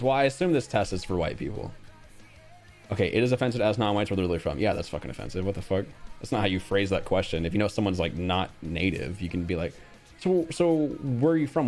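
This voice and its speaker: A man's voice: low voice, fast, darkish tone, faint music behind. A young man streaming casually, reacting bluntly to a quiz with frequent swearing and reading out chat.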